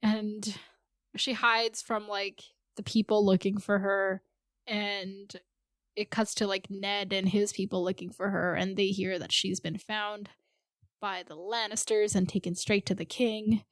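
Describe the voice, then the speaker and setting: A woman retells the episode scene by scene and slips into the characters' voices for their lines. Her voice sits at a middling pitch, and the recording is dry and close. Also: level tone, measured pace, no echo. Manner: narrates plot, acts out characters' lines. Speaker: podcast co-host. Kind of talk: casual chat recapping a TV episode.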